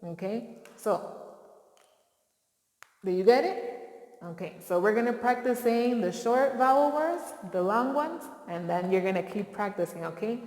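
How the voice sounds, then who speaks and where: A woman's voice: on the high side, lively intonation, a little slow, pauses often, a little mellow. A woman teacher leads young children through a phonics lesson, prompting them to answer and praising them often. Her voice carries a roomy sound with a long, lingering reverb. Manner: encouraging, call-and-response prompts.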